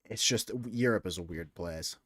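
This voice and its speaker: A man's voice: low voice, moderate pace, a bit bright, dry recording, clean studio sound. A young man casually chatting to his stream audience, rambling and crude, often restarting his sentences. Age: young adult. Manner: rambling, self-interrupting, crude.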